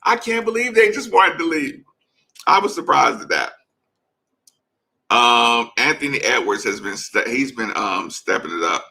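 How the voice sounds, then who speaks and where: A man's voice: mid-range voice, lively intonation, unhurried, vocal fry, pushed and bright. A man hosting a casual late-night live show, rambling as he reads and answers chat comments.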